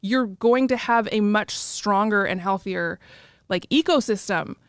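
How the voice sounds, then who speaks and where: A woman's voice: medium pitch, a little slow, dry recording, clean studio sound. A woman with an American accent, a guest on a talk show, speaking earnestly and often saying "like". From United States. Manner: earnest, says "like" a lot. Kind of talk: casual conversation.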